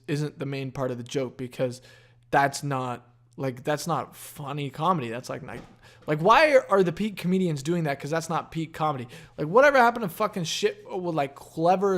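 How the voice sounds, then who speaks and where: A young man hosting a casual solo podcast outdoors, rambling and profane with lots of fillers. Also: on the high side. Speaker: podcast host.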